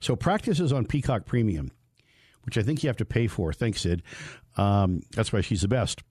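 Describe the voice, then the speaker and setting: A man's voice: fairly low pitch, sing-song, moderate pace, a little mellow, breathy edge, no echo, clean studio sound. A man hosting a motorsports radio show, talking casually with lots of fillers and restarts. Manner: rambling, many fillers and restarts.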